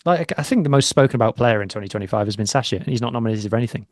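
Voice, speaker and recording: A man's voice: medium pitch, very fast, darkish tone, no room sound, studio quality. A man co-hosting a rugby podcast, chatting casually in a chatty, self-deprecating manner. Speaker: podcast co-host. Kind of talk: casual chat.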